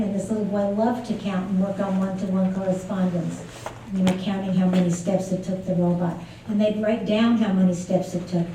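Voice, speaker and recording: A woman's voice: mid-range voice, warm tone. A woman giving a conference lecture, telling classroom stories conversationally with frequent fillers. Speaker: keynote speaker on early childhood play. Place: large lecture venue. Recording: echoey hall from far off, faint noise.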